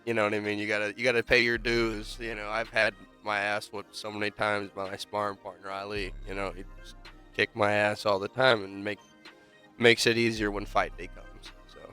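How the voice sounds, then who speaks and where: A man's voice: fairly low pitch, little pitch movement, fairly quick, pushed and bright, faint music behind. A man who boxes, a guest on a casual podcast, telling a rambling story full of fillers and restarts. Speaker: amateur boxer.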